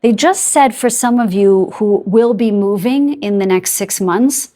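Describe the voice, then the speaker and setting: A tarot card reader, a woman with a warm, medium-pitched voice, gives an intuitive reading to camera at a slightly slow pace. She chats freely and searches aloud for the right words. Between remarks she pauses to ask her spirit guides for messages.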